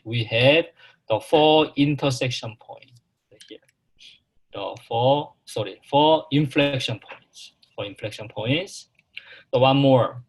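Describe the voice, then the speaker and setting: A man teaching a calculus class, talking slowly and haltingly, repeating himself and putting questions to the students. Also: medium pitch, fairly bright tone. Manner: slow, repetitive, halting, asks the class questions. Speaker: math instructor.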